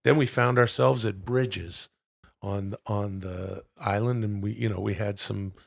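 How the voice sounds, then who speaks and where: A middle-aged man co-hosting a podcast, telling loud, profane stories with bursts of excitement. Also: on the low side, measured pace, creaky, dry recording, studio quality. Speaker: podcast co-host. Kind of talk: casual podcast chat.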